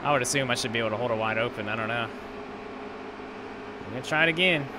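A medium-pitched man speaks at a quick pace while commentating live on a racing game for his channel. The racing engines hum in the background as he rants in frustration, cursing freely.

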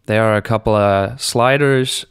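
A man walks through a software tutorial at an unhurried pace, his voice smooth and clear. He explains each step casually, without a script. The sound is close and dry, with no room around it. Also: on the low side, dry recording. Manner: relaxed, explanatory, unscripted with fillers. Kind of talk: screencast tutorial narration.

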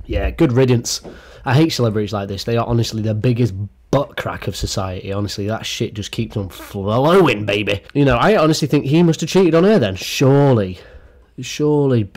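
A man's voice: mid-range voice, animated, fairly quick, darkish tone. A young man doing a comedic gossip rant as a YouTube commentator, sarcastic and crude with mock-dramatic outbursts.

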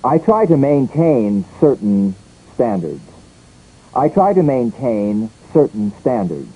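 A man's voice: medium pitch, slow pace, husky, highs cut off. A man leading a scripted English pronunciation drill, saying each word and sentence twice. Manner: lively, repeats each word and line twice.

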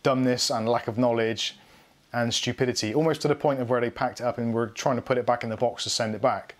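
A man's voice: medium pitch, steady tone, quick pace. Guy, middle-aged, rambling live tech chat, pokes fun at himself. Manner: chatty, rambling, self-mocking humour. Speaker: tech channel host. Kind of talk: casual live unboxing chat.

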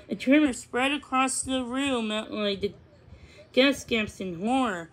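A woman narrating a storybook read-aloud in a measured, expressive way. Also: fairly high pitch, poor audio. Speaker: reader.

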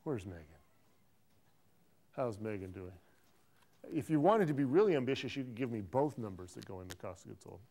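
A man's voice: mid-range voice, expressive, fairly quick, pauses often, dark tone. A middle-aged man lecturing an accounting class, playful and teasing, quizzing students and repeating his praise. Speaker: accounting professor.

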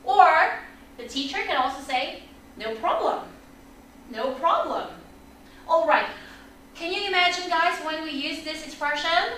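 A woman teaching an online English lesson for children, energetic and upbeat, leading repeat-after-me drills. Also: extremely high pitch, normal speed, slight background noise. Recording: echoey room, mic at a distance.

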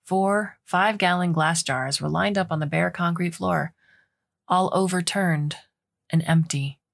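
A woman narrating a short story aloud, expressive and acting out the dialogue. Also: on the low side, unhurried, gravelly. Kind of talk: audiobook story reading.

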